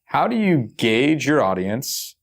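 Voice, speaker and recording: A man's voice: medium pitch, big pitch swings, takes it slowly. A man hosting a podcast interview, asking eager, rambling questions. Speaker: podcast host.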